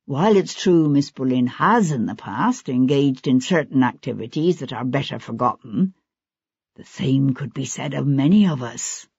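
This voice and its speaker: A reader voicing a brash, smooth-talking gentleman who speaks politely but with insinuation, in an audiobook. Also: mid-range voice, animated, normal speed, no echo, voice pushed down. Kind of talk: audiobook character voice. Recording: dull lo-fi audiobook recording.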